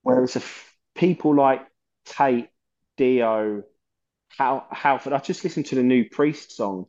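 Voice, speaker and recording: Bloke ranting about music, swears a lot, mid pitch, muffled lo-fi sound. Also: male voice, slow, a little mellow. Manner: passionate, swearing, rambling. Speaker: podcast guest, metal vocalist. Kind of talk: casual chat.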